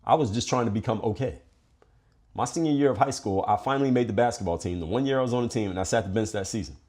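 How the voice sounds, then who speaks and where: A man's voice: fairly low pitch, a little mellow. A man from Philadelphia hosting a podcast, giving a blunt, profane motivational monologue. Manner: profane, direct, fast-talking. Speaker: podcast host.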